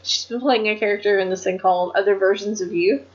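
A woman's voice: mid-range voice, fast talker. A woman podcaster chatting casually about wrestling, frank and profane. Her thoughts trail off and restart as she talks. The audio is dull and lo-fi. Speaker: podcast co-host.

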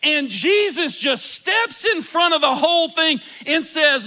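A man preaching with a very high, ringing voice that keeps climbing into fervent shouts. He tells stories dramatically and with intensity, driving each point home from the pulpit. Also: lively intonation, unhurried, hardly any pauses. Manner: impassioned, often breaking into shouts. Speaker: pastor. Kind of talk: sermon.

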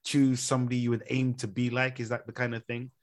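A man's voice: medium pitch, monotone, fast talker. Playful teasing man podcast co-host. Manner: playful teasing, poses questions with a setup. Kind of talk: casual podcast chat.

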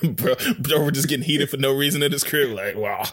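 A man's voice: mid-range voice, brisk, a bit bright. A man co-hosting a casual podcast chat, laid-back, trailing off and laughing often. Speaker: podcast co-host.

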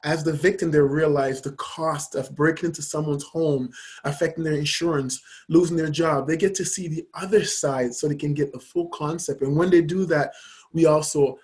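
A man's voice: on the high side, fairly even intonation, darkish tone, slightly rough. A middle-aged man from Jamaica, speaking in a somewhat raised register. He tells his story earnestly, stopping often with fillers and restarts. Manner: earnest, halting, with many fillers. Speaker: guest, youth charity founder. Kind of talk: personal storytelling in interview.

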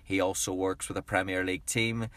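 Deep-voiced male podcast host. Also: level tone, a little fast, a bit bright. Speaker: podcast host, soccer coach. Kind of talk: podcast chat and storytelling.

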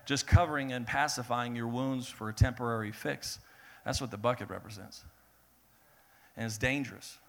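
A man preaching a sermon in a lively way, acting out the people in his story and swinging between loud bursts and hushed lines. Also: medium pitch, normal speed, vocal fry. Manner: animated, acts out voices of biblical figures, swings between loud and hushed. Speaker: pastor.

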